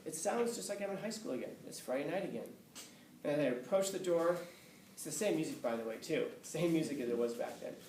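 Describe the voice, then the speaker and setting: A man's voice: fairly high pitch, animated, a little fast, a little mellow. A male college professor telling a candid, conversational story to his class, swearing and chuckling now and then. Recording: roomy, distant, faint background hiss.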